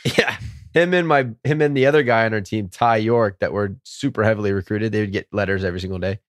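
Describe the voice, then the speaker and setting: A man's voice: lowish voice, dry recording, studio quality. Hesitant male podcast guest. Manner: hesitant, halting, many restarts. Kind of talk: casual storytelling.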